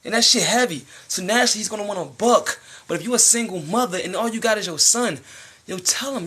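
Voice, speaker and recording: A young American man in a casual live-stream monologue, animated and slangy, preaching to his viewers. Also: high voice, fast talker, husky. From United States. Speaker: livestreamer.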